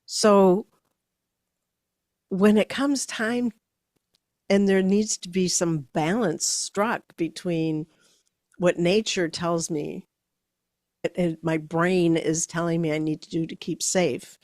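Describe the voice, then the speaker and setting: A woman with a very low voice co-hosts a podcast, talking slowly and thinking aloud. She halts and searches for her words, and the close recording has no room sound. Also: a little mellow, no echo. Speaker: podcast co-host. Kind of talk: casual podcast conversation.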